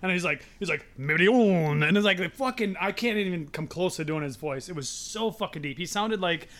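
Male podcast co-host with a high voice, crude and jokey storyteller. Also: animated, fairly quick, pushed and bright. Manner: profane, laughing storyteller who acts out other people. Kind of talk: casual chat.

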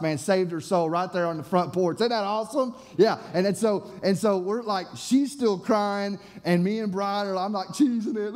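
A young man preaching from the pulpit, his voice sitting a little high for a man. He tells a story with bursts of excitement, stumbling over his words and circling back as he goes. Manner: animated, excitable storyteller with many restarts. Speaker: youth pastor, evangelist. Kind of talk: sermon storytelling.

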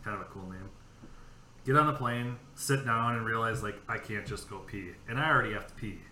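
Bright-toned man telling rambling stories. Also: lowish voice, brisk, echoey room, a little hiss or hum. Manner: profane, rambling anecdotes. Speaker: podcast host. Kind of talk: casual storytelling chat.

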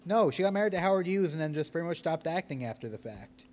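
A man's voice: a little high, animated, fast talker, a little mellow. A man on a podcast panel in casual chat, sharing trivia with a dry sense of humor.

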